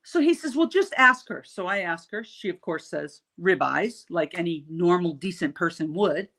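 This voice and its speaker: A woman's voice: fairly low pitch, lively intonation, moderate pace. A middle-aged woman hosting a casual chat, telling a story with salty mock outrage. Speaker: host.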